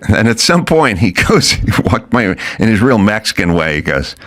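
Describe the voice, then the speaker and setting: A man's voice: lowish voice, very animated, moderate pace, few pauses, fairly bright tone. A middle-aged man telling a rowdy story in casual chat, acting out quotes, swearing and laughing. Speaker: podcast host.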